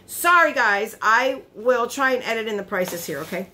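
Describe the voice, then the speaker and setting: A woman vlogger chatting casually as she unboxes beauty products, easily surprised and quick to laugh, recorded on her phone. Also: a little high, lively intonation, pushed and bright, a little hiss or hum.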